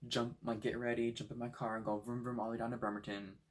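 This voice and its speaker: A young man from Washington State telling a story in a casual, animated way, swearing freely and acting out what people said. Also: medium pitch, fast talker. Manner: animated, swears a lot, acts out quotes. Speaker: vlogger.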